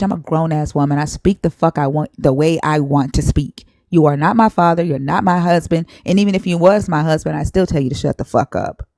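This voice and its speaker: A young woman hosts a heated live-stream debate, blunt and openly profane with guests and commenters. Her voice sits a little low, dark and mellow in tone, with a gravelly edge of vocal fry. She talks in a confrontational, no-nonsense way. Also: no room sound, studio quality.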